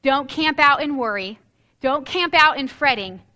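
Woman, preacher, sermon, high bright voice, earnest, expressive. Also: measured pace. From United States. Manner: earnest and expressive, reads scripture aloud, voice rising on emphasis.

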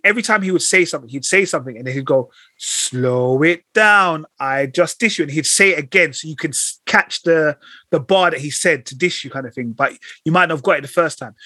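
A man's voice: fairly high pitch, sharp tone, husky, dry recording. A young man, hosting a casual chat and talking in a laid-back, slangy way with lots of fillers. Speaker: podcast host.

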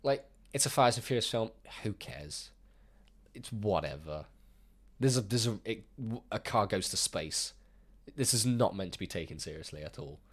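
A young man with a somewhat low voice chats about films, animated and blunt, slipping into mocking impressions. His talk is loose and profane. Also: normal speed. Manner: animated, swearing, acts out mock quotes. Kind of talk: casual film review chat.

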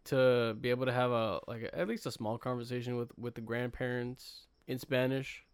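Young male podcast host, relaxed and self-deprecating, clean tone, dry close mic. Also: medium pitch, normal speed, clean tone, dry recording. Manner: laid-back, self-mocking, lots of fillers. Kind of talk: casual podcast chat.

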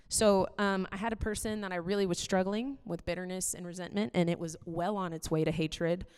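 Woman giving a chatty sermon, kinda low voice, big echoey hall. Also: fairly even intonation, a little fast, hardly any pauses, a little mellow, clean tone. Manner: conversational, candid, many "like" fillers. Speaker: preacher. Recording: long reverb of a hall.

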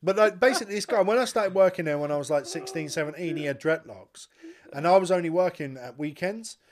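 A man tells a long, winding story in a casual chat. His voice sits a little high for a man, and he swears freely and drifts into asides as he goes. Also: fast. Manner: rambling, profane storytelling with asides. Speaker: podcast co-host telling a story.

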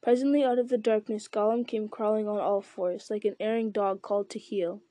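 A woman narrating a story in a steady, measured reading. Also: mid-range voice, no room sound. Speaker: audiobook narrator. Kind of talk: scripted narration.

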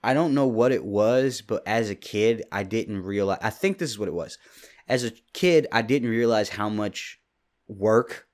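A man in his twenties from Kentucky, talking alone into a mic in a rambling, jokey way with quick asides. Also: on the low side, expressive, a little mellow. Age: 20s. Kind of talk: casual solo monologue. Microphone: studio mic with pop filter.

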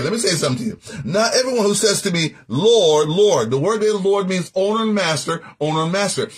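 A man preaching a sermon, teaching scripture in a folksy, animated way, breaking into laughs and sung-out phrases. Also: sits high, husky.

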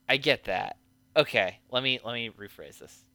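A man's voice: mid-range voice, expressive, slow, bright, forceful tone, no room sound. A man co-hosting a podcast in casual chat, joking and thinking aloud with restarts. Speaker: podcast co-host.

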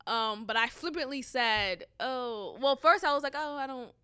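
A woman's voice: high-pitched, normal speed, pushed and bright, clear, resonant tone. A young woman of Haitian background telling a story in a chatty, casual way, laughing often and swearing freely.

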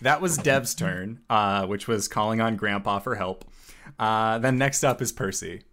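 A man's voice: lowish voice, unhurried. Laid-back man running a tabletop game. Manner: relaxed, filler-heavy narration. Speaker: game master.

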